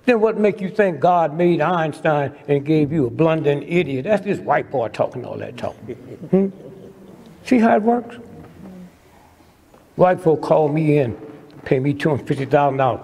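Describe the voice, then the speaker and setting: An old man in his eighties lectures an audience in a teasing, preacherly way and keeps checking in with a "hmm?". His voice is gravelly and sits a little high for a man. The sound carries a long reverb from a big lecture hall. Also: animated, measured pace, pauses often, darkish tone, slight background noise. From United States. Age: 80s. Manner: preacherly, teasing, asks "hmm?" after nearly every point. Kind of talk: comedic lecture to a live audience.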